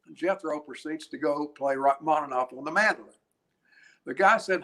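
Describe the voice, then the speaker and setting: A man's voice: on the high side, moderate pace. Older man telling chatty stories. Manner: chatty, animated, laughs, frequent restarts. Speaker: guest musician. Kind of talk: anecdotal interview storytelling.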